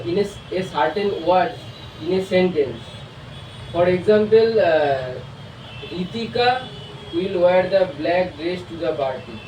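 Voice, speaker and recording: A man's voice: high-pitched, dark tone. A man from India with an Indian accent, giving a hesitant prepared presentation as a student, full of filler sounds and restarts. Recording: echoey room, far from mic, faint hiss.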